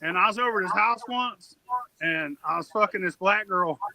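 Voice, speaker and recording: Bright, high-voiced man telling a story. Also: normal speed, no echo, rough recording. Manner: rambling, profane, drawling Southern storyteller. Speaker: podcast co-host telling a work story. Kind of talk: casual profane storytelling.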